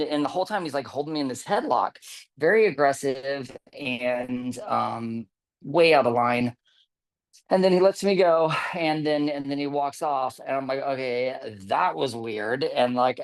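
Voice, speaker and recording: A man recounts a story in a relaxed, meandering way on a video call. He restarts his sentences often and acts out the lines of the people in his story. His voice sits at an ordinary middle pitch. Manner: rambling, many fillers and restarts, quoting others. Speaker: camp volunteer telling a story. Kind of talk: casual storytelling.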